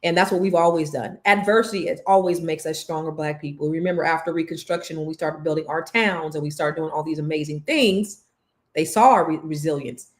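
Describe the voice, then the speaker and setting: A woman's voice: low-pitched, fairly quick. A woman host and coach giving an impassioned motivational talk, stressing key words as she builds.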